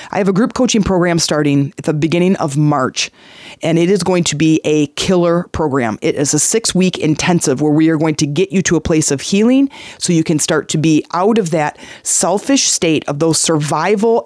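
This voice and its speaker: Speaking at a moderate pace, a fairly high-pitched male life coach hosts his motivational podcast in a dry studio recording. His delivery is earnest and leans on repeated key phrases, and he animates his stories by voicing the characters.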